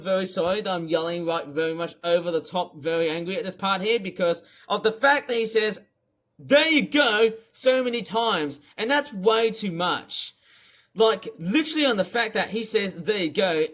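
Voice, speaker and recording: A young vlogger ranting angrily to camera, repeating themselves and swinging from slow, drawn-out complaints into shouting. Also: mid-range voice. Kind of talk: angry rant to camera.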